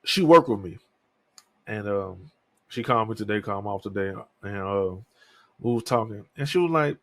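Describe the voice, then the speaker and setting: His voice sits on the low side and is expressive, moving at a moderate pace over a dry recording. He's a man in his thirties doing a casual solo podcast monologue, candid and rambling with plenty of swearing.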